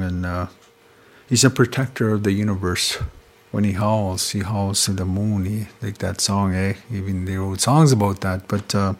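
A man from Canada telling traditional star stories in an unhurried, conversational way, often tagging his phrases with "eh?". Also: fairly low pitch. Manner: unhurried, repetitive, ends phrases with "eh?". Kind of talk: casual storytelling conversation.

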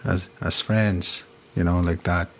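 A man from Canada telling traditional star stories in an unhurried, conversational way, often tagging his phrases with "eh?". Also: low voice, fairly even intonation, fairly bright tone. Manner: unhurried, repetitive, ends phrases with "eh?". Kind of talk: casual storytelling conversation.

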